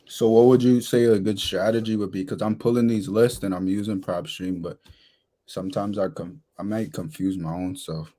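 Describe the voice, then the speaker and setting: A man's voice: lowish voice, steady tone, moderate pace, mellow. A man from Massachusetts calling in for advice, polite and a little unsure of himself. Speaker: caller asking for advice. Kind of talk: casual call.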